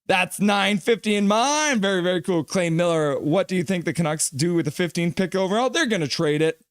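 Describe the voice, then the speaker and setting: A man hosting a live hockey reaction stream, calling the plays and reading out chat messages in an excitable way. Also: high voice, a little fast, clean tone, no echo, clean studio sound. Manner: excitable play-by-play, reads chat aloud.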